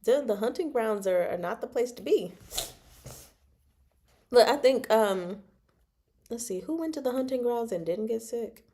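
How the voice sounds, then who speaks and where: A woman's voice: a little high, animated, a little slow, long pauses, mellow. Bubbly giggly woman chatting about a book she loves, retelling scenes in playful voices. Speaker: book chat host. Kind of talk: casual chat recapping a novel.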